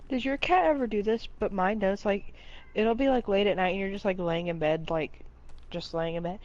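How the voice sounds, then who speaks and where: A woman's voice: medium pitch, moderate pace, darkish tone, lo-fi sound. A woman hosting a gaming stream, chatting casually in a playful, bickering way with lots of "like"s. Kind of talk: casual chat while gaming.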